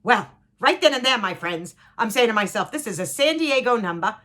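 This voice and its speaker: Bright, lively middle-aged woman. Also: fairly high pitch, a little fast. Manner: emphatic, repeats herself, addresses listeners directly. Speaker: mother of the storyteller. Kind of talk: casual storytelling chat.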